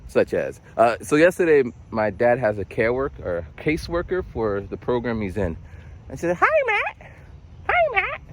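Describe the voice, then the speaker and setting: A man's voice: on the low side, very animated, moderate pace, slight background noise. A young man talking in a rambling, casual monologue, with many restarts and acted-out voices. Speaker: vlogger.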